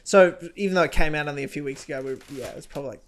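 A man's voice: fairly high pitch, racing. A man hosting a podcast in casual chat, rambling and restarting his sentences. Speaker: podcast host.

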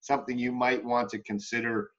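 A man coaching an acting student, talking in a relaxed, chatty way with frequent restarts. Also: mid-range voice, a little fast. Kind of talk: coaching session. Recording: dull lo-fi audio.

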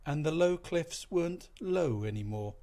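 A man narrating a short story aloud in an expressive, measured reading voice. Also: on the high side.

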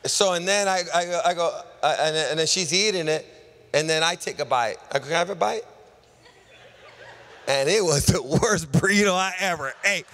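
A middle-aged man preaching a sermon as pastor, piling up lists and swinging between loud calls and hushed asides. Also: a little high, normal speed. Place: large church hall. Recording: live church sermon with long hall reverb.

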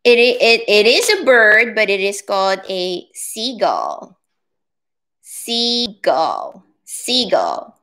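Slow, bright-voiced woman teaching preschoolers. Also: a little high. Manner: patient, encouraging, drawn-out words for children. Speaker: preschool circle-time teacher, mother. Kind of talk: slow, sing-song preschool lesson.

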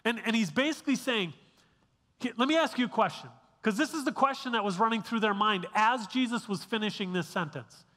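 A man's voice: sits high, fairly quick, sharp tone, long reverb tail. A male pastor giving a sermon in a casual, conversational way, often restarting phrases and checking in with the congregation. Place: church sanctuary.

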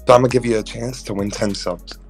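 A man calling in over voice chat, teasing the host in a loud voice. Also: mid-range voice, steady tone, fairly quick, soft background music. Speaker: caller on voice chat. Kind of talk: casual voice-chat banter.

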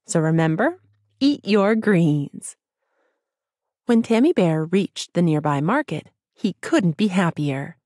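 A woman narrating a rhyming children's audiobook in a gentle, sing-song storytelling way. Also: fairly low pitch, no room sound, studio quality.

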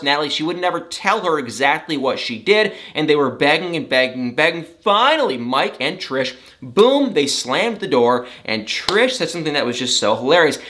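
A man giving casual, sarcastic commentary on a reality TV show as a gossip vlogger. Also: a little high. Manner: animated, sarcastic, exclaiming.

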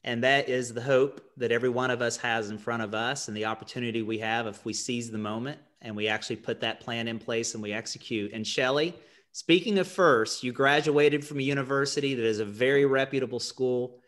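A man's voice: medium pitch, steady tone, fairly quick, a bit bright. Earnest West Virginian man moderating a panel.

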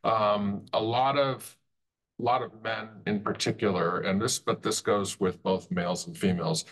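A man hosting an interview, asking the guest measured questions. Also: on the low side, fairly even intonation, a bit bright.

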